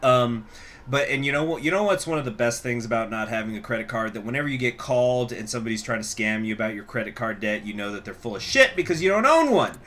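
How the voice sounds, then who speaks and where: Over strategy gameplay, the gaming host rambles through stories and reads chat in a chatty way. He speaks quickly and animatedly in a medium, fairly bright voice, with a little hiss or hum in the audio.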